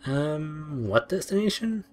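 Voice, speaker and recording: A man's voice: on the high side, sing-song, takes it slowly, pitched above the performer's own voice. A nervous teenage girl in a storybook, shaky and uneasy, as a male reader puts her on. Her voice sits near his own, with faint music under it.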